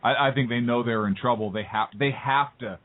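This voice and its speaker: A man on a political talk panel, speaking quickly and insistently. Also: mid-range voice, slight background noise. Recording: phone-like lo-fi sound.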